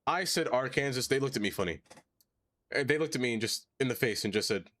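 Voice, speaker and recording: A man's voice: medium pitch, lively intonation, fast talker, a bit bright, no echo, studio quality. A man live-streaming a city-building game, chatting casually and reading chat aloud, ranting animatedly and laughing often.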